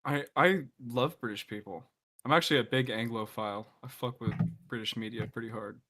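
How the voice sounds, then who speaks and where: A man's voice: mid-range voice, fairly quick, a bit bright. A groggy man on an online panel, talking hesitantly and rambling about his video plans. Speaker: panelist, YouTuber. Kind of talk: casual chat.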